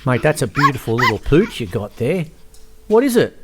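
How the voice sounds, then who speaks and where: A man's voice: medium pitch, very animated, normal speed, background noise. A man hosting a comic sketch, chatting in a blokey, slangy, joking way. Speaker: host.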